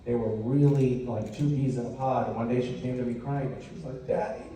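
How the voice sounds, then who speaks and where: A man telling a family story on a convention stage, jumping into high voices to act out the people he quotes. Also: fairly even intonation, a little fast, mellow, distant mic, a little hiss or hum. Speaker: convention panel guest. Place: large convention hall, recorded from the audience. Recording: echoey hall audience recording from afar.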